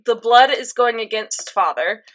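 A young woman chatting casually, retelling an episode with lots of fillers and animated reactions. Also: fairly high pitch, a little slow. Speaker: co-host recapping an anime episode. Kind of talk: casual chat.

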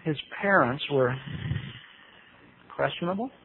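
Humorous Bible teacher, male, animated storyteller who acts out voices; tinny radio sound. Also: slow pace. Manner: animated storytelling with big pitch leaps. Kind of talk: humorous sermon. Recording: tinny radio broadcast with faint hiss.

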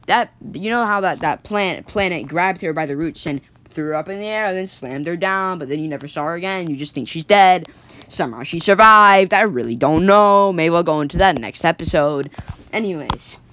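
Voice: mid-range voice, pushed and bright, a little hiss or hum. Rambling casual storyteller. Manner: rambling, many fillers and restarts.

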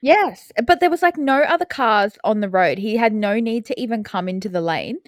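A young woman tells stories on a podcast, animated and quick to laugh and swear. Her voice sits a little high. The sound is close and dry, with almost no room. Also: no room sound. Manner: animated storyteller, swears freely, laughs often. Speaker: podcast co-host. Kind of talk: casual chat.

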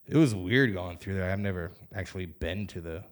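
A man in a relaxed podcast conversation, easygoing and chatty with frequent fillers. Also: low voice, a little fast. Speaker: podcast co-host. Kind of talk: casual chat.

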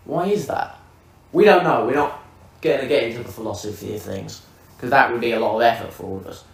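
A man's voice: mid-range voice, fairly quick, gravelly. A man hosting a podcast who tells a vivid, swear-laden comic story in casual chat. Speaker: podcast host. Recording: roomy, distant mic.

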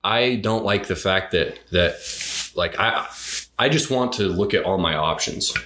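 A man's voice: low voice, a little slow, bright, forceful tone. A young man hosting a casual podcast chat, talking bluntly and emphatically and swearing freely. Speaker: podcast host. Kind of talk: casual conversation.

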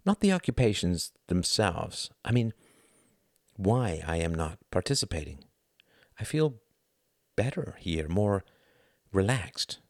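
A man voicing a troubled young man who talks in a halting, introspective way. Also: low-pitched, big pitch swings, no echo, clean studio sound, voice pushed up, heavily acted. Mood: brooding.

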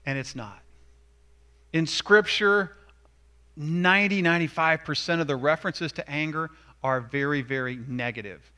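A man preaching a sermon from the pulpit. His voice sits a little high and rings bright and forceful. He talks in an easy, conversational way and leans in hard on the lines he stresses. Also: normal speed, clear, resonant tone. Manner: conversational preaching, rising to emphatic. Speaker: pastor.

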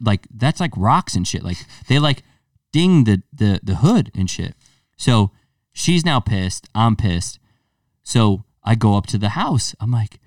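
Animated young man telling stories. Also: lowish voice, normal speed, no room sound, studio quality, far from the mic. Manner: animated storyteller, swears freely, acts out quotes. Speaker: podcast co-host. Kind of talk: casual storytelling chat.

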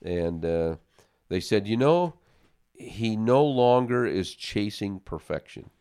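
A man's voice: lowish voice, expressive, takes it slowly, darkish tone, clear, resonant tone, no room sound, clean studio sound. A man in a casual faith discussion, telling a personal story in an earnest way and often repeating words as he starts a sentence.

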